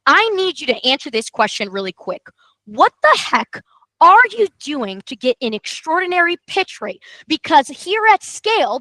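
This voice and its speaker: A high-pitched woman runs a sales training, her voice swooping all over as she stresses every point. Her tone is bright and energetic. The sound is close and dry. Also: dry recording, poor audio. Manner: emphatic, excitable, repeats for emphasis. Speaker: marketing coach host.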